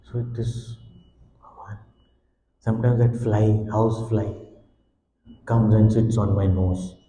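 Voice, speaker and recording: A man, a swami, giving a devotional discourse on a hymn, with expressive storytelling that sometimes speaks in the voice of a helpless infant. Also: on the low side, slow pace, slight background noise. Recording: echoey hall.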